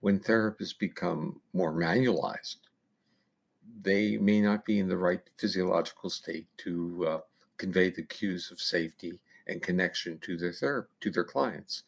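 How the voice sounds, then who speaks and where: Man, interview guest, very low voice, raspy, lecturing explanations. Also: unhurried. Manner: long, lecturing explanations with "you know" fillers. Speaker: neuroscientist guest.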